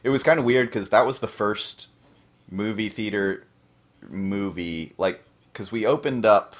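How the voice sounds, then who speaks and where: A man's voice: lowish voice, unhurried. A man co-hosting a podcast, chatting casually with easygoing, teasing banter. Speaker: podcast co-host. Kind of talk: casual chat.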